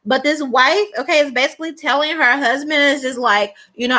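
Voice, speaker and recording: A woman's voice: high voice, brisk, few pauses, pushed and bright. A woman giving a tarot reading, emphatic and repeating "okay?" and "all right?", acting out the people she quotes. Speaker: tarot reader.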